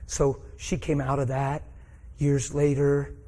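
A man's voice: mid-range voice, completely flat delivery, slow, mellow. A middle-aged man preaching a sermon, telling a personal story with rising emotion.

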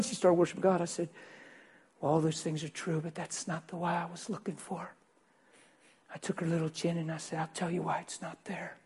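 Male pastor, fairly high husky voice, animated sermon storytelling, drops to a hush then bursts out loud. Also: moderate pace. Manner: animated, swings between loud and hushed.

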